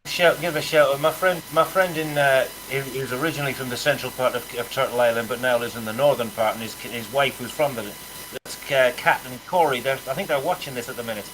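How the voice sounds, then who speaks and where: A man co-hosting a casual political stream, easygoing and agreeable as he greets viewers with shout-outs. His voice sits at a middle pitch, with a faint hiss underneath. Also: quick pace. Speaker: livestream co-host.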